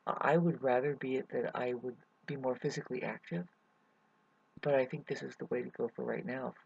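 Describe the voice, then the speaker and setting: A man's voice: medium pitch, fairly even intonation, brisk, creaky, a little mellow, husky, dry recording. A man rambling through a hesitant personal update to his viewers, full of fillers and restarts. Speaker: vlogger. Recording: dull lo-fi recording.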